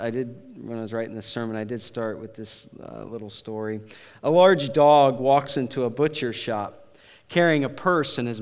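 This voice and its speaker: Halting pastor preaching in a reverberant hall. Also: male voice, mid-range voice, smooth. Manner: casual, halting delivery with many fillers and restarts. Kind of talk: sermon.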